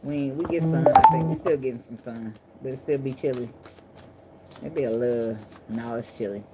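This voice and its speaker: Low-voiced, blunt, profane woman tarot reader. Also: fairly quick, mellow, faint music behind. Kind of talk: casual tarot reading to camera. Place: indoors at night under a ring light. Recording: clear background noise of clicks and shuffling cards.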